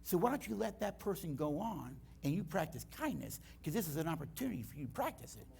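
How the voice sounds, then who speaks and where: There's slight background noise as a middle-aged guest speaker addresses a church, his gravelly voice fairly high and quick. He tells stories with animation and acts out the dialogue as part of a teaching talk.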